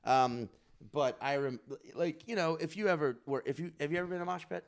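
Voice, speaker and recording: A man in his forties telling stories in casual podcast chat, animated and profane, acting out quotes in loud bursts. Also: a little high, fairly quick, gravelly. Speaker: podcast co-host.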